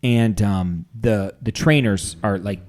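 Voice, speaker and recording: A man co-hosting a podcast in casual comedic chat, rambling with deadpan, self-mocking jokes. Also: fairly low pitch, slow. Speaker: podcast co-host.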